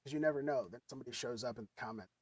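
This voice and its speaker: This music producer talks very fast in a mid-range voice during a streamed session, chatting loosely and profanely as he works. He uses a dynamic studio mic, and there's no room sound.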